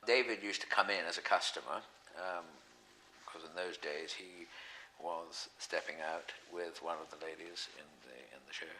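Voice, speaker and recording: A man's voice: sits low, fairly even intonation, moderate pace, bright, forceful tone, a little hiss or hum, poor audio. A man, chatting as an interview guest, rambling with frequent ums and self-corrections. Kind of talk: relaxed anecdotal chat.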